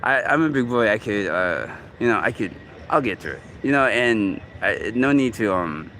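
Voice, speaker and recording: A man's voice: fairly low pitch, lively intonation, fairly bright tone, slight background noise. Man in his forties, rambling vlog. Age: 40s. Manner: rambling, halting, many fillers and restarts. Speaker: vlogger. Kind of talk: casual talk to camera. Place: outdoors in a city park.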